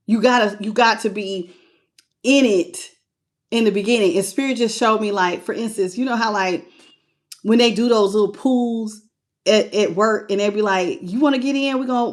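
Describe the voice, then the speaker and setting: A woman giving a live tarot reading, greeting viewers in chat by name and talking in a playful, laughing way. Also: medium pitch. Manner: playful, laughs often and sings snippets. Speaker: tarot reader.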